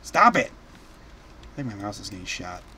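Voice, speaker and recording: A young man hosting a let's play, excitable, shouting and laughing as he comments on the game. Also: on the low side, moderate pace, slight background noise. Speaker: gaming channel host.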